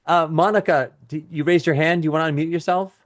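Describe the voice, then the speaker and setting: A man's voice: on the high side, fairly even intonation, quick pace. A middle-aged man teaching a live webinar as a business coach, talking casually with restarts and asides and reading out audience chat comments.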